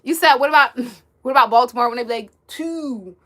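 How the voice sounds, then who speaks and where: A woman's voice: high voice, a little fast, pushed and bright. A young woman from the US East Coast hosting a casual livestream, chatting and giggling as she reads viewer comments aloud. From United States, East Coast. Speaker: livestream host.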